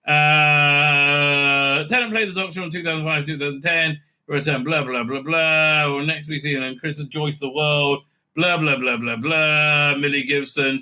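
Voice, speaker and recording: A man's voice: fairly high pitch, pushed and bright. A man hosting a channel, giving sarcastic, profane commentary over clips and dropping into exaggerated mocking voices.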